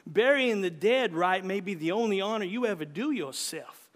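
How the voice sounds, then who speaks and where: A man reading aloud and voicing a gruff, hearty old backwoods great-uncle with a gravelly voice who hollers and insists, in a long-reverb hall. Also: sits high, animated, normal speed, voice pushed up. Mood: insistent.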